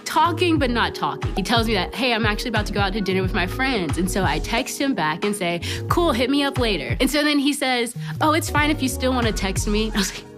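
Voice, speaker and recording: Young woman, bright lively youth teacher, chatty storyteller, music playing underneath. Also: on the high side, fast talker, few pauses. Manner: chatty storytelling with lots of "like" and "right?"; laughs often, self-teasing. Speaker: children's ministry teacher. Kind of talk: animated youth lesson talk.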